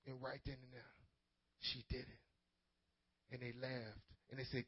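A man preaching an energetic call-and-response sermon to teenagers as youth pastor, telling stories dramatically. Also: medium pitch, moderate pace, no room sound. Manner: dramatic storytelling, swings from loud to hushed. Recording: dull lo-fi sermon recording.

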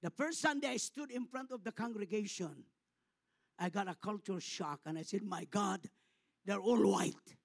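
A middle-aged Filipino man preaching a sermon as a pastor, swelling to loud, impassioned passages and dropping to soft, tender ones. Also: high-pitched, moderate pace, vocal fry, no room sound. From Philippines.

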